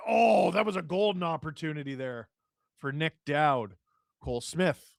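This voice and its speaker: A man hosting a live stream, reading viewer chat with jokes and shouting play-by-play when a goal goes in. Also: fairly high pitch, a little slow, vocal fry, no room sound, studio quality. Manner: joking, excitable, shouts on goals. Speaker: livestream host reading chat. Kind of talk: casual live watch-along chat and play-by-play.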